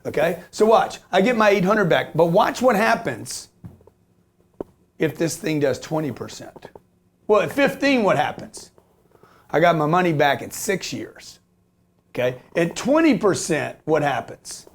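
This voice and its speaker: Speaking a little slowly in a fairly high, sing-song voice, a man in his fifties holds forth on real estate investing. It's animated business talk, full of emphatic repetition, frequent "okay?" checks, and swearing as he jokes.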